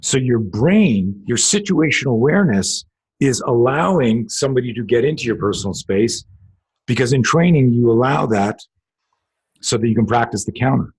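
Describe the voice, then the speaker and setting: Husky, profane middle-aged man telling stories. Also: medium pitch, moderate pace. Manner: animated, profane storyteller acting out dialogue. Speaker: self-defense instructor and podcast host. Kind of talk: storytelling in a casual interview.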